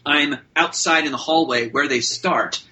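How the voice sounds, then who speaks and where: Bright-voiced man telling a chatty story. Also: on the high side, measured pace, low-quality recording. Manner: chatty, with many fillers and restarts. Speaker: actor and podcast guest. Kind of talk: casual anecdote telling.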